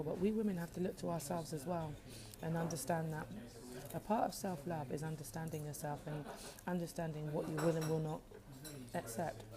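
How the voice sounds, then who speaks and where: Low-voiced woman vlogging over breakfast. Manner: chatty, eating breakfast while talking. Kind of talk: casual chatty vlog. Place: busy café. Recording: phone in a noisy café. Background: café crowd chatter.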